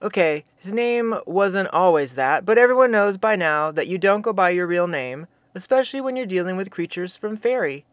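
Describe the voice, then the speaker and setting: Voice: mid-range voice, expressive, moderate pace, hardly any pauses, no room sound. A storyteller narrating a tale casually, with wry, teasing asides to the listener.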